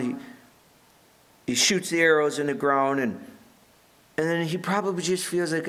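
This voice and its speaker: A man's voice: a little high, animated, normal speed, a bit bright. A pastor giving a conversational sermon in an earnest way, often restarting his phrases.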